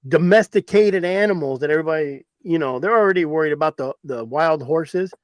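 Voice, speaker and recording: Host, male, from Arizona; rambling storyteller, a bit higher voice, dry close sound. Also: fairly quick, no room sound. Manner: rambling, repeats himself for emphasis. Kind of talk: casual storytelling chat.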